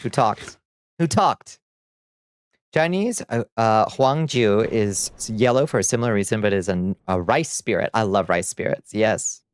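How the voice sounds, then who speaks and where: Casual streamer, man, mid-pitched and smooth, close dry mic, chatty with frequent laughs. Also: fairly even intonation, normal speed, hardly any pauses, dry recording. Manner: chatty, laughs often, reads out chat. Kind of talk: casual livestream chat.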